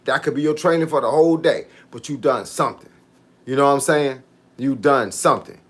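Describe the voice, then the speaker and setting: A man's voice: medium pitch, brisk. Laid-back man chatting on a live stream. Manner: laid-back, repeats "hey, look" and reads out viewer comments. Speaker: fitness coach livestreaming. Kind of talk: casual livestream chat with viewers.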